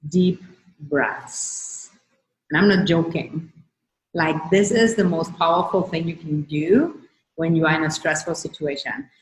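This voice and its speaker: A woman host giving a casual coaching talk to her viewers, gently repeating key phrases and guiding them through slow breathing. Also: deep voice. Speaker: wellness coach and show host. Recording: roomy echo.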